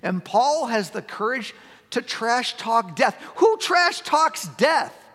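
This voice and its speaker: A middle-aged man preaching a sermon as pastor, talking conversationally and building to emphatic, near-shouted points. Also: extremely high pitch, big pitch swings, slow. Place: church sanctuary. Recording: long church-hall reverb.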